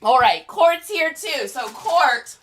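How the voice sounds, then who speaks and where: Bubbly high-voiced woman chatting. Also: slow pace. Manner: chatty, bubbly, excitable with frequent laughter. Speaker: reseller livestream host. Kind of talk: casual livestream chat.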